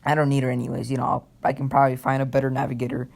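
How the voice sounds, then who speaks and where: A man's voice: medium pitch, monotone, rapid-fire, creaky, darkish tone, lightly acted. A man voicing a nervous male pirate clown captain who stammers and hesitates.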